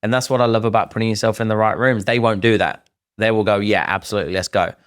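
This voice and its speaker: Lively man with a low, dry voice. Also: quick pace, smooth, no echo. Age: middle-aged. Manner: animated, acts out other people's remarks. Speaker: podcast co-host. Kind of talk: casual podcast conversation.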